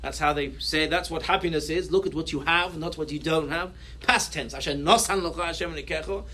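A man speaking as a rabbi in a Torah talk. He reads Hebrew sources aloud, explains them in English, and acts out people's reactions in an animated way. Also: a little high, moderate pace.

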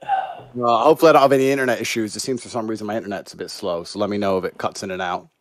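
A man's voice: lowish voice, very fast. A man with a mixed British and American accent, assertively lecturing in a livestream debate. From United Kingdom. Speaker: debate guest.

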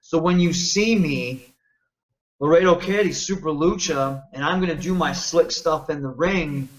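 A man from Michigan talks through a casual interview with a slightly raised pitch. He is animated and self-assured, and he keeps asking "you know what I mean." He comes across as a performer promoting himself. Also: a little slow, rough recording. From Michigan, United States. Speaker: professional wrestler, interview guest.

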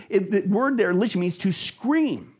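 A man's voice: sits high, expressive, moderate pace, darkish tone, slightly rough. A man, a pastor, teaching emphatically and dramatically about scripture as a guest in a conversation, repeating phrases for stress. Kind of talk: animated Bible teaching in conversation.

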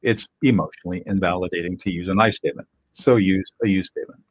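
A man's voice: deep voice, steady tone, quick pace, a little hiss or hum, rough recording. An older man teaching emotional skills in a plain-spoken, confident, earnest way, speaking straight to his viewers. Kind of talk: direct-to-camera teaching talk.

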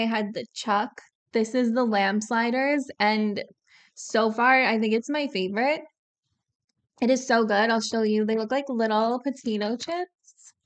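A woman co-hosting a casual music reaction chat and reading sponsor spots with bubbly enthusiasm. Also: a little high. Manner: bubbly, enthusiastic, talks while eating snacks. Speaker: co-host of a music reaction channel.

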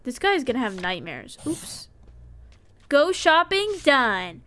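A woman with a high, bright voice streams a game and talks through it in playful, chatty commentary at an unhurried pace. She swings from sudden yelps to hushed whispers, and faint game music sits behind her. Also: big pitch swings. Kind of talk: casual gameplay commentary.

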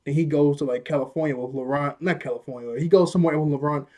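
A young man hosting his own anime vlog speaks fast, with a high-leaning, slightly mellow voice. He casually retells an anime scene, rambling and chatting, restarting sentences and laughing along the way.

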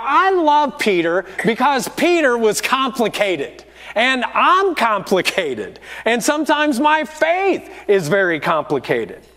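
High, lively male pastor preaching. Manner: storytelling, acting out quoted voices. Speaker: lead pastor. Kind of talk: sermon. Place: church auditorium.

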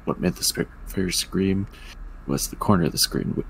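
A man's voice: deep voice, moderate pace, creaky, a bit bright, a little hiss or hum, low-quality recording. A man reading a fan-written story aloud, with joking asides and stumbles on words. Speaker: story reader.

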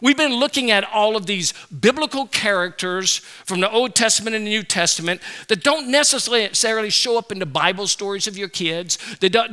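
A middle-aged man preaching a sermon, telling stories with playful humor. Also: high voice. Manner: humorous, animated storyteller. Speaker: pastor.

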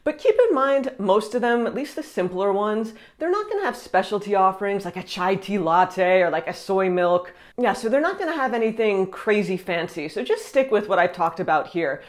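A woman's voice: medium pitch, animated, normal speed, few pauses. Chatty woman giving travel tips. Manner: friendly, chatty tips with French phrases. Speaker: travel vlogger. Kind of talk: casual explainer vlog.

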